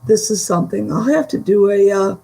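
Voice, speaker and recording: A woman chatting casually through a vintage haul, halting and giggly, her voice starting to go from a dry throat. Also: mid-range voice, dark tone, low-quality recording. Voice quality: gravelly, slow and halting. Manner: chatty, giggly, trails off mid-sentence. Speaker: vintage reseller showing a haul. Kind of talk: casual chat to a live audience.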